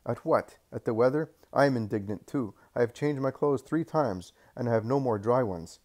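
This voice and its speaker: A man's voice: mid-range voice, a little mellow, close to an everyday voice. Peter, a man doing a blunt, mocking fisherman. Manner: mocking, quick-witted retorts. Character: blunt, hot-tempered fisherman apostle, grown man.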